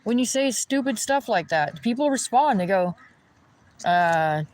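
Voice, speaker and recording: A man's voice: very high-pitched, animated, normal speed, darkish tone, low-quality recording. A man ranting in a rambling, indignant way while walking outdoors by a pond. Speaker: vlogger.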